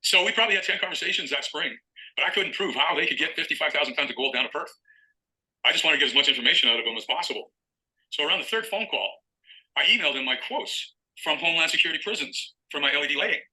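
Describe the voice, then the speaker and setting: A man's voice: a little high, fast, bright, forceful tone, poor audio. A middle-aged man telling a long story in an interview as a guest author, acting out phone calls as he goes.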